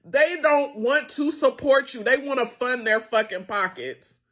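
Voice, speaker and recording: Husky-voiced woman, tearful and impassioned. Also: high voice, expressive, a little slow, a bit bright. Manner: impassioned and frustrated, voice breaking with tears. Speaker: small business owner and founder. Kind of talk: emotional direct-to-camera appeal.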